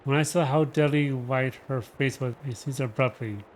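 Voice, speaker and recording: A man reading a novel aloud on a livestream, dramatic and slow with shifting emphasis. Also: medium pitch, darkish tone. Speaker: reader.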